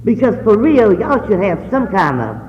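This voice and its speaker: A woman's voice: mid-range voice, big pitch swings, moderate pace, muffled recording, a little hiss or hum. A woman giving a personal testimony to an audience, earnest and acting out the people she quotes. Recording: long hall reverb.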